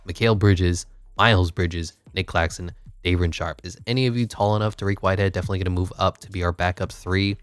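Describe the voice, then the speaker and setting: A man's voice: deep voice, steady tone, fast talker, hardly any pauses, smooth. A man giving casual, wry commentary while playing a basketball management game, thinking aloud. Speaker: gaming YouTuber.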